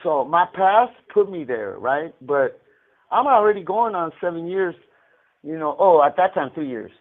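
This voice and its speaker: A man on a prison phone call, casually telling a story, halting and repeating words, with an occasional laugh. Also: on the high side, animated. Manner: laughs now and then while telling. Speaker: incarcerated caller telling a story. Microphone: phone handset. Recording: tinny prison phone line.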